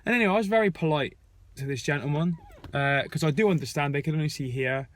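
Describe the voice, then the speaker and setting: Young guy ranting to camera, kinda high voice, frank and chatty. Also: fast talker. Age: young adult. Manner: conversational, frank, storytelling. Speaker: vlogger. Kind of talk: casual spoken rant. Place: airport terminal.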